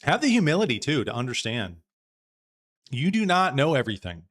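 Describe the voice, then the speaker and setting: Man, podcast host, casual live commentary, rambling, thinking out loud. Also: medium pitch, huge pitch swings, a little fast. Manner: musing, thinks aloud with many restarts.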